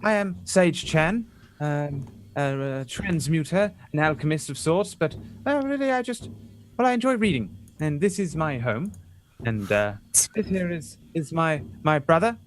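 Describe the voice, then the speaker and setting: A man's voice: a little high, expressive, measured pace, a little hiss or hum, pitched above the performer's own voice. A man voicing a polite, fussy male raccoon scholar with a monocle, speaking with hesitant stammers.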